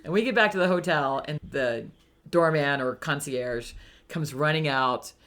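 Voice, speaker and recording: An older woman from Hawaii, a retired firefighter appearing as an interview guest, shares travel stories casually and animatedly, acting out the voices of people she met. Her voice is deep and unhurried.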